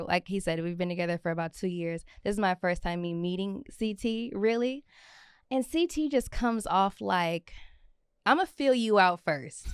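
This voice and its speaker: A woman guest on a podcast, chatting casually in a relaxed way. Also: medium pitch, smooth, dry recording, studio quality.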